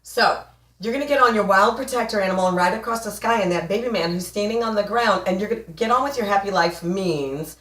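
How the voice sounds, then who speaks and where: A woman's voice: mid-range voice, a bit bright, recorded from a distance. A woman in her forties, a relationship coach giving an emphatic, playful motivational talk to camera. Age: 40s. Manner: emphatic, playful, laughs often. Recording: echoey room, voice off mic.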